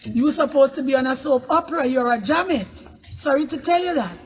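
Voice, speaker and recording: A woman's voice: sits high, animated, fairly quick. A woman with a Trinidadian accent calling in to a talk show, scolding and indignant. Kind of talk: angry call-in rant.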